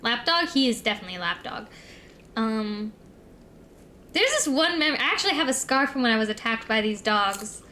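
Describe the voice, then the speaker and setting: Young woman, high voice, casual streamer chat, rambling, filler-heavy, faint background hiss. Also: sing-song, moderate pace, pushed and bright.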